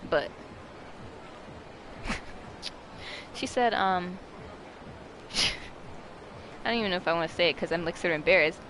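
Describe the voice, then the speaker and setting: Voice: mid-range voice, a little slow, long pauses, noisy background. Casual storytime vlogger: rambling, self-mocking, dramatic, with shrieking outbursts.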